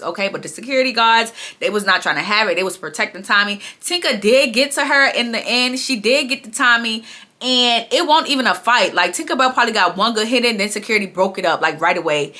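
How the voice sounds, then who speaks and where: A woman vlogger recapping a show in a casual, animated and emphatic way, stretching words and tossing in "okay?" to her viewers. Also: mid-range voice.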